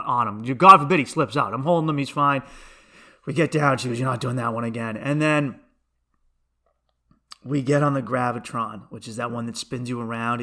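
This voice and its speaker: Brief: male comedian host, casual rambling monologue, sharp bright tone, medium pitch. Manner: rambling storytelling, self-interrupting with restarts and asides.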